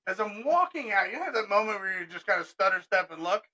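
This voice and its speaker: Middle-aged man, high bright tense voice, animated storyteller for a casual podcast. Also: quick pace, rough recording. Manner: animated, laughing, acts out both sides of conversations. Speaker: restoration business owner telling stories.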